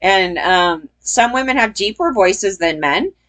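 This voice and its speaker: A woman's voice: medium pitch, lively intonation, unhurried, a bit bright. A woman giving casual opinion commentary as a vlogger, blunt and profane, rambling and laughing between points.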